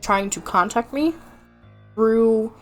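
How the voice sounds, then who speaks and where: A woman's voice: on the high side, slow, faint music behind. A young woman streamer telling a rant in casual chat, exasperated and swearing often.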